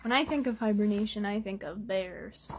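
A woman reading picture books aloud to children, expressive and asking them little questions. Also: mid-range voice, moderate pace, slight background noise. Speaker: children's storytime reader.

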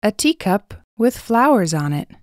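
A woman calmly names pictures for beginner learners, slowly and clearly, repeating each key word. The recording is dry and close, with no room sound. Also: mid-range voice, no room sound. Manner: clear, repeats single words. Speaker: English teacher. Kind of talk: slow picture-description narration.

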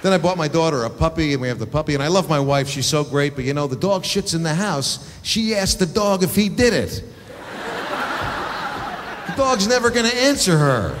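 A man performing stand-up comedy, telling crude, exasperated stories with quick acted asides. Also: on the high side, expressive, crowd noise. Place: theater stage. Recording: live show in a large hall, audience noise.

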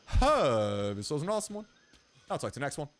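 A young man hosting a let's play, talking casually to viewers and jokingly taunting animals in the game, with slang and quick asides. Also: fairly high pitch, huge pitch swings. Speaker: gaming channel host.

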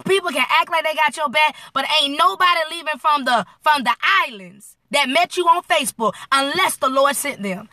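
A woman hosting a live-stream inspirational talk, animated and preacherly, speaking straight to her viewers. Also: high voice, moderate pace, few pauses, no room sound, clean studio sound. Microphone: phone.

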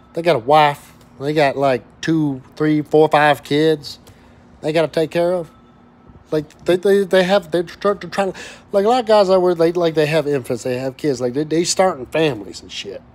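A man's voice: a little high, a little mellow. A man, an oil and gas worker ranting angrily to camera, swearing heavily and stumbling over repeated words. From West Texas. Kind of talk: angry profane rant to camera.

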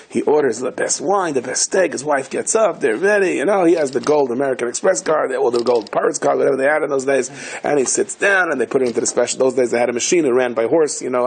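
A man, a rabbi, giving a sermon in a conversational, animated storytelling manner, using Yiddish and Hebrew terms. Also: mid-range voice, gravelly, slight background noise.

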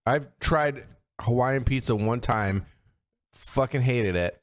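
A man's voice: mid-range voice, slow pace. A young man co-hosting a podcast, teasing his friend and giving blunt opinions in casual chat. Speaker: podcast co-host.

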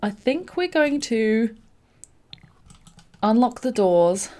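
Gushing woman, lively voice. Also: a little high, slow pace. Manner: gushing, excitable, many exclamations. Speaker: let's play host. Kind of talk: gameplay commentary.

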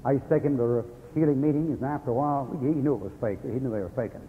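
An older Baptist preacher, mid-range in pitch, races through a folksy sermon, telling stories with chuckles and suddenly erupting into angry tirades. The tinny, phone-like old radio broadcast was recorded in a hall and carries slight background noise.

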